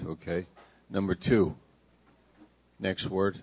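A low-voiced pastor speaks very slowly, drawing his congregation in with playful prompts and repetition. The sound is dull and lo-fi, like an old church tape. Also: fairly even intonation, darkish tone, slightly rough, no room sound. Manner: slow, playful, coaxing the congregation to repeat words. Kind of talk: sermon with congregation interaction.

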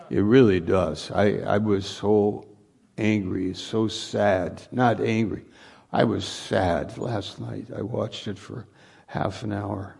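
A man's voice: on the low side, creaky, a little mellow, breathy edge. A man preaching a conversational sermon, repeating phrases for emphasis. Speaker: pastor.

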